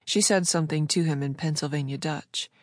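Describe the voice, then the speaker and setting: A woman narrating fiction in a smooth, measured storytelling voice. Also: low-pitched, steady tone, dry recording, studio quality. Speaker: audiobook narrator. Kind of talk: scripted narration.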